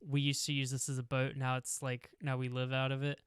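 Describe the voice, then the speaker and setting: A man's voice: mid-range voice, monotone, brisk, fairly bright tone, clean tone, no echo, studio quality. Rambling young man game master. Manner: rambling, full of "like" and "um". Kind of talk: narrating a tabletop game.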